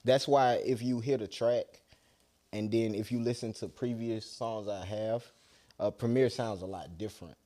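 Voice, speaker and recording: In a casual interview, a young rapper from Atlanta, USA, talks loosely in a Southern accent, his thoughts trailing off at the ends. He has a lowish, mellow voice with fairly even intonation at a normal speed.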